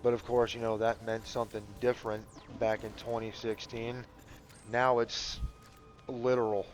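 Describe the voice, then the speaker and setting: A man's voice: mid-range voice, flat delivery, moderate pace, faint music behind. A man chatting casually over a game playthrough, rambling with lots of fillers and swearing. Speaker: gamer commentating a playthrough.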